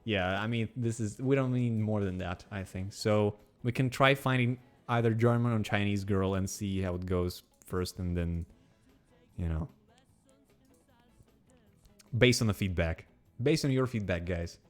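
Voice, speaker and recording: A man with a Russian accent, speaking English as his second language, co-hosts a casual chat. His voice sits on the low side, and he wanders through his points with halting restarts. Faint music plays in the background. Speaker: podcast co-host.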